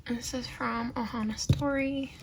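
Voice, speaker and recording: A woman's voice: a little high, steady tone, unhurried, creaky, heavy background noise. A woman chatting casually as she narrates a plan-with-me video and talks to her baby now and then. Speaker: planner vlogger.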